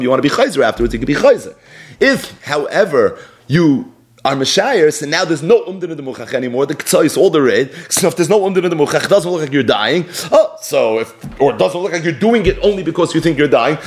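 A male Talmud teacher explains a case with lively, wide-ranging intonation. His voice sits a little high for a man, and he drives each point home. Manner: animated, explanatory, mixes in Aramaic terms. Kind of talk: Talmud lecture.

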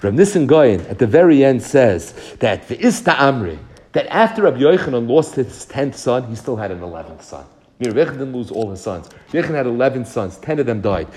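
Fast-talking man teaching Talmud. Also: on the high side. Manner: rapid, mixes Hebrew and Aramaic phrases with English explanations; retells dialogue with animated voice swings. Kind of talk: daf yomi lecture.

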